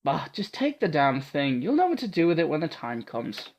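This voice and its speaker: A hard-edged swordswoman talks down to her companion, clipped and bossy, with a Scottish accent, put on by a man reading a visual novel. She gives orders without softening them. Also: on the high side, huge pitch swings, moderate pace. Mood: curt. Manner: brusque, commanding. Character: gruff tough woman swordswoman, blunt and bossy.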